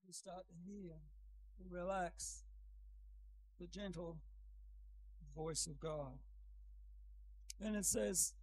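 An older man preaching a sermon in a church, speaking gently at first and building to an emphatic scripture reading. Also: high voice, steady tone, extremely slow, long pauses, noisy background.

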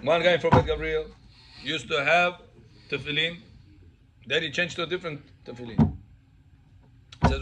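A man's voice: on the high side, a little fast, long pauses, very noisy. A man teaching a class as a rabbi, telling stories and acting out the dialogue with animation. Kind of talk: storytelling Torah class.

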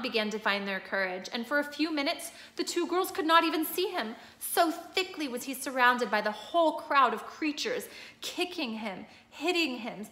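A woman reading a storybook aloud with steady, expressive storytelling, now and then stopping to explain a picture. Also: high-pitched. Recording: echoey room.

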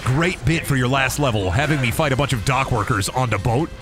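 A man's voice: sits high, fairly quick, over music, voice pushed up, close to an everyday voice. A man voicing a profane, folksy male Minnesotan dock worker who drawls and calls everyone bud. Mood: boastful.

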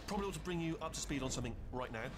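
A man's voice: on the high side, rapid-fire, close to an everyday voice. An actor voicing a nervous, rambling male robot sidekick in a video game. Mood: nervous chatter. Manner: rambling, nervous, self-correcting. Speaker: game character. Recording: game audio with steady background hum.

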